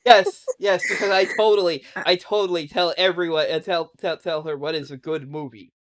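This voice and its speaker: A man's voice: on the high side, fairly even intonation, fairly quick, fairly bright tone. A man hosting a casual podcast chat, rambling and sarcastic, swearing often. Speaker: podcast host.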